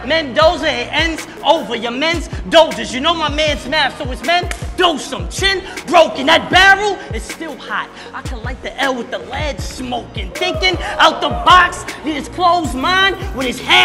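A man performing a battle rap, aggressive and taunting, shouting his punchlines. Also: very high-pitched, animated, a little slow, few pauses, music in the background. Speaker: battle rapper.

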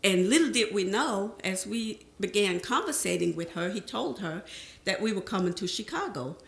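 A middle-aged woman recounting her life story before an audience, slipping into the voices of the people in her memories. Her voice has a gravelly edge, and the room around her rings with echo. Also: medium pitch, normal speed. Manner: lively storyteller who acts out remembered conversations. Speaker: panel speaker sharing her life history. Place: presentation room.

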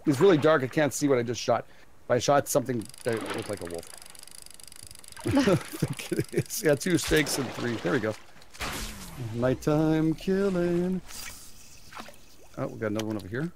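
This player's mid-range voice is expressive, fast and marked by vocal fry, with a slight hiss or hum on the recording. Playing a co-op survival game, he chats casually, laughing often and stammering a bit.

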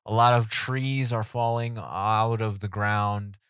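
A man's voice: fairly low pitch, fairly even intonation, slow pace, fairly bright tone, clear, resonant tone, dry recording. A young man streaming live, rambling casually and joking with his chat. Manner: rambling, self-mocking, talks to chat. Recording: dull dry home mic audio.

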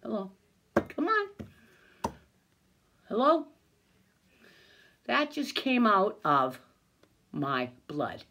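A woman's voice: medium pitch, huge pitch swings, extremely slow, long pauses, pushed and bright. An older woman filming herself in an agitated, angry rant, swearing, stammering and breaking into bitter laughs. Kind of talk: angry self-filmed rant.

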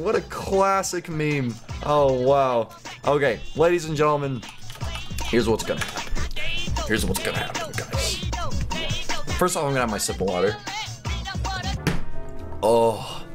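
A young man giving casual, goofy commentary while playing a game, chatty and quick to laugh and react. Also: medium pitch. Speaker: gaming YouTuber.

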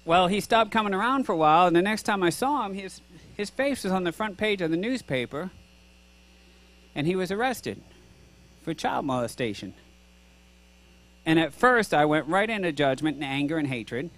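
A man's voice: high-pitched, lively intonation, moderate pace, long pauses, a bit bright. A middle-aged male pastor giving an earnest, conversational sermon, asking rhetorical questions and acting out both sides of a dialogue. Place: church sanctuary.

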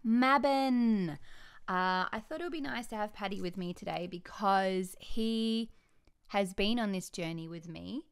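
Australian woman, podcast host, bubbly, chatty, quick to laugh, casual home chat. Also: mid-range voice, gravelly, clean tone.

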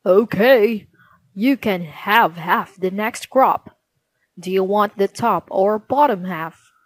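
A woman's voice: medium pitch, slow pace, no echo. A woman voicing a crafty grown male farmer in a storybook reading. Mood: sly. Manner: sly, plain-spoken.

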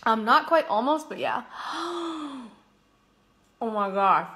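A woman's voice: on the high side, expressive, slow pace, pushed and bright. A young woman livestreaming from her kitchen, chatting casually, reading comments and breaking into song. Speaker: livestream host, singer. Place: home kitchen.

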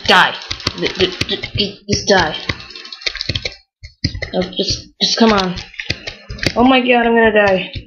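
A young woman giving excitable, frustrated Let's Play commentary while playing a game. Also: medium pitch, slow, long pauses, muffled recording, music in the background. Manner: excitable, exclaims often, frustrated outbursts. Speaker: gamer.

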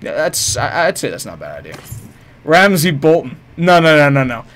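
Male streamer, a touch high-pitched; casual and profane, hams up taunts at enemies. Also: big pitch swings, normal speed, a bit bright, a little hiss or hum. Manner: profane, jokey, chats with viewers; mock-heroic taunts at game enemies. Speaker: game streamer. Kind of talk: casual live-stream commentary.

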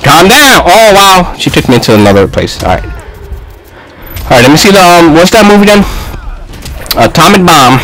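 Excitable young man yelling at a game. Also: moderate pace, pauses often, poor audio. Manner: excitable, shouts and trash-talks at the game, swings loud and high. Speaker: gaming YouTuber. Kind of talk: casual gameplay commentary. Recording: faint music behind.

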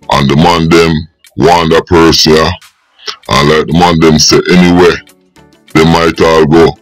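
Man, Jamaican accent, channel host, very low voice, unhurried delivery. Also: rough recording. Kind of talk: commentary.

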